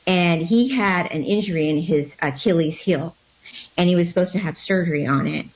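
A woman guest tells a personal story about how she became a healer, speaking haltingly with lots of fillers and restarts. Her voice is lowish and the audio sounds dull.

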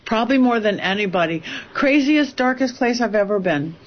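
A woman psychic medium telling a story in an interview, animated and rambling, often restarting her sentences. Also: a little high, moderate pace, dull audio.

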